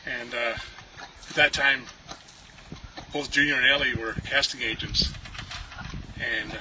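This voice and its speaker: Man giving a heartfelt memorial tribute. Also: medium pitch. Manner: relaxed, many filler pauses. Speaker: family friend and actor. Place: outdoors at a ranch. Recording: steady background noise.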